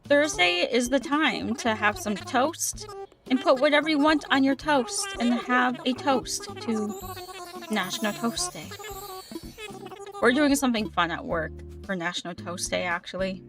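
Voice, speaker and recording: A woman's voice: a little high, animated, unhurried, music in the background. A young woman livestreaming a game, chatting casually and upbeat with her viewers, sometimes tripping over her words. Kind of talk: casual chat with live chat while gaming.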